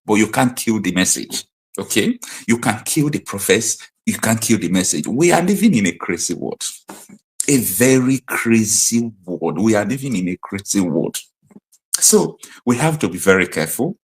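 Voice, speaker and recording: Emphatic Nigerian man hosting commentary. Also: lowish voice. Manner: emphatic, repetitive, preaching tone. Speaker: host. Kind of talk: online political commentary.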